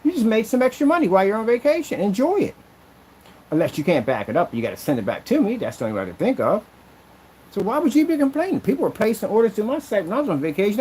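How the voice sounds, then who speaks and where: A man's voice: high-pitched, very animated, quick pace, darkish tone, a little hiss or hum, rough recording. A man who makes projection screens, ranting in a casual vlog with an aggrieved, rambling, repetitive way of talking. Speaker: projection screen maker and seller.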